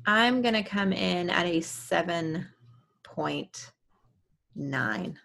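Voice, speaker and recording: Low gravelly woman, casual podcast chat. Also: expressive, very slow, a bit bright. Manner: giggly, quotes movie lines. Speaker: podcast co-host.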